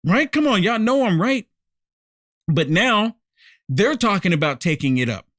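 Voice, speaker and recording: A man's voice: high voice, big pitch swings, unhurried, fairly bright tone, dry recording, studio quality. A man hosting a live-streamed political commentary, emphatic and repetitive, talking straight to his viewers and thanking them by name.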